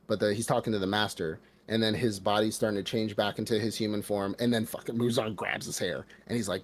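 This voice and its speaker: A man co-hosting a casual podcast, telling a movie's story in relaxed, slangy talk. His voice sits fairly low. He drops into brief character voices as he goes. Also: a little fast, slight background noise. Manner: animated retelling with put-on character voices, slangy. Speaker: podcast co-host. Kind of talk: casual chat recapping a film.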